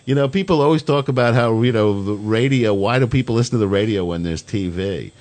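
A man's voice: on the low side, brisk, a little mellow. A man in his fifties telling rambling stories in casual radio chat, swearing freely. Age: 50s. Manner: profane, rambling storyteller. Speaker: podcast host.

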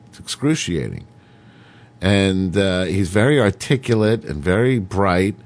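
A man's voice: low-pitched, expressive, measured pace. A man hosting a radio show, rambling irreverently and reading news items with sarcastic, crude asides. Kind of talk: casual talk radio monologue.

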